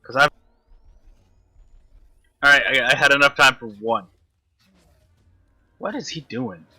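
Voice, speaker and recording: A man's voice: mid-range voice, takes it slowly, bright, forceful tone, soft background music. A man commentating his own gameplay, frustrated and swearing constantly at the enemy he is fighting. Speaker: gamer.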